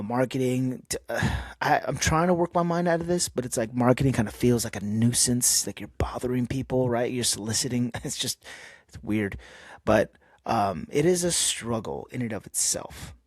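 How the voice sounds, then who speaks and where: At normal speed and medium pitch, with no echo, a man talks through his own podcast alone. The monologue is candid, rambling and casual, packed with fillers.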